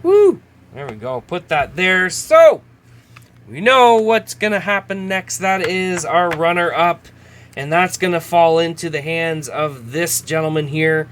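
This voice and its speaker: Casual male host, unhurried and a bit high-voiced, faint background hiss. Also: expressive, fairly bright tone. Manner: chatty, laughs at himself, reads names aloud. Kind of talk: casual card-opening commentary.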